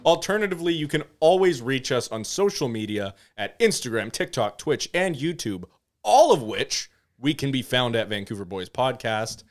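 A man's voice: mid-range voice, animated, moderate pace. A man co-hosting a casual podcast, laid-back and chuckling as he chats. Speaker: podcast co-host. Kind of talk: casual chat.

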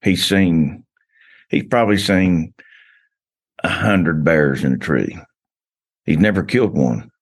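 A man's voice: sits low, slow pace, long pauses, husky. A man telling long rambling stories as a podcast guest, full of restarts and "you know.". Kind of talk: casual podcast chat.

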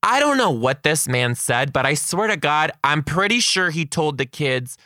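Young male storyteller, expressive and swear-happy, bright tone, close dry mic. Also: a little high, normal speed, dry recording. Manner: animated, swearing, acts out kids' voices. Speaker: kindergarten teacher. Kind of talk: casual storytelling.

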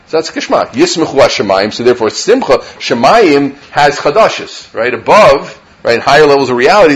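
A middle-aged rabbi teaches a room full of listeners in a loose, chatty way. His pitch sits in the middle for a man. He checks in with the audience again and again and drops Hebrew and Yiddish terms into his talk. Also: a bit bright. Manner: conversational, checks in with listeners by asking "right?". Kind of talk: informal Torah lecture. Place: lecture room with a live audience.

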